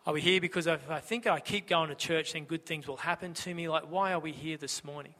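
A man's voice: on the high side, brisk, sharp tone, big-room sound. A man preaching a sermon in a church, telling the story conversationally and asking the congregation rhetorical questions. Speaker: pastor.

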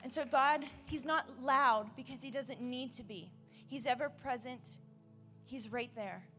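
Speaking unhurriedly in a high voice, this woman delivers an earnest sermon from a church stage, handheld mic in hand. She drops from loud emphasis to an almost whispered hush, while faint music plays behind her in the large hall.

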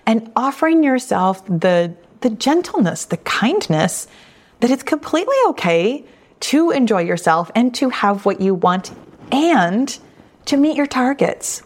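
A woman's voice: fairly high pitch, big pitch swings, measured pace. Reassuring woman podcast host. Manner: warm, reassuring, conversational with frequent restatements. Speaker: podcast host, weight loss coach. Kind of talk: solo podcast answering listener questions.

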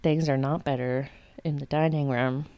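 A young adult woman co-hosting a podcast, recapping events in a steady, casual way. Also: extremely low pitch, normal speed, a little hiss or hum. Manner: steady, narrating events in order. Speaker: podcast co-host.

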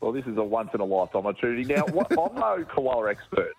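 A man calling in to a radio show, relaxed and jokey, slightly husky. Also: mid-range voice, fast, faint music behind. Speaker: caller. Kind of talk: phone-in chat.

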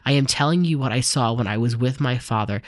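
Calm authoritative teacher read by a guy, steady and earnest, dry close sound. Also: mid-range voice, fast, no echo, lightly acted. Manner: steady, earnest scripture reading.

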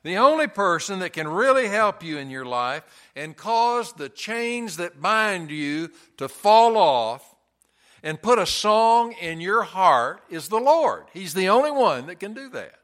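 A man's voice: sits high, sing-song, a little slow, a bit bright. A man preaching a sermon in a church, earnest and folksy, telling stories with touches of humor. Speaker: pastor.

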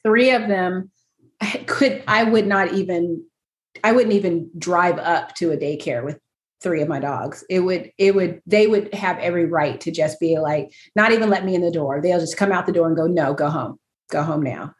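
Woman, casual chat, lowish voice, self-mocking, laughs often. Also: normal speed, echoey room.

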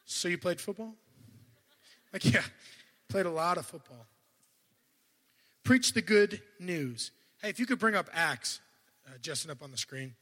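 A man preaching a sermon in a church, animated, swinging between loud bursts and quiet asides, and he sometimes stutters and restarts. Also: on the high side, measured pace, long pauses, long reverb tail. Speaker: guest preacher.

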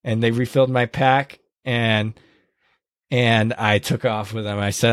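A man casually retelling a hard race on a podcast, earnest and halting, with many restarts and quoted lines. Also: medium pitch, fairly even intonation, clean tone, no room sound, clean studio sound. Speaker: podcast host recounting a race. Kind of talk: casual storytelling chat.

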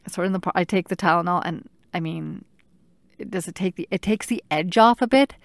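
A middle-aged woman with a fairly low voice tells a personal story in casual conversation, with no echo in the recording. She's animated but halting, restarting often and leaning on filler "like"s.

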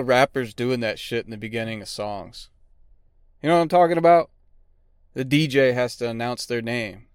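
A man's voice: medium pitch, moderate pace, smooth, no echo, studio quality. A man in his forties hosting a casual solo podcast, rambling and joking with lots of swearing. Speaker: podcast host, auto technician.

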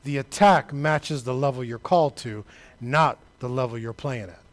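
A man preaching a sermon, talking straight to the congregation, building to shouted peaks and then dropping low and quiet. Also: normal speed. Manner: conversational, addresses the congregation directly.

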